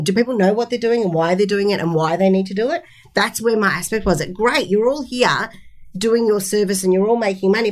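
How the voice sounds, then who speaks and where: An Australian woman, a magazine publisher, chatting as an interview guest and telling lively stories with frequent laughs. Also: mid-range voice. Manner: animated storyteller, laughs often. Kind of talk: casual interview chat.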